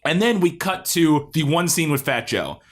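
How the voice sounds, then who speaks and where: A man's voice: a little high, animated, normal speed. A man co-hosting a podcast, recapping a film in casual chat with swearing and laughter. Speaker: podcast co-host. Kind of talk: casual movie-review chat.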